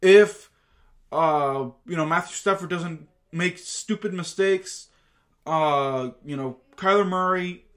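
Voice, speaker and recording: A man with a fairly high voice talks through his sports picks in a loose, casual way. He rambles, circles back and fills gaps with plenty of asides. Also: takes it slowly, fairly bright tone. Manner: rambling, chatty, lots of fillers and asides. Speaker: channel host. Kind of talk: casual sports prediction talk.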